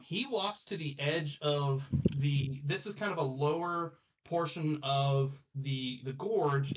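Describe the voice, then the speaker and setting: A man narrates a tabletop game as its game master, slow and unhurried, with laughter breaking into his rambling descriptions. He sits back from the mic, so his voice comes across a little distant. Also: mid-range voice, a little hiss or hum. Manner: laughs often, loose and rambling.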